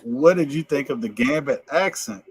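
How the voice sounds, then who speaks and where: A man from Louisiana hosting a podcast in a relaxed, casual chat, often repeating himself and laughing. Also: mid-range voice, normal speed, husky, no echo. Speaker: podcast host.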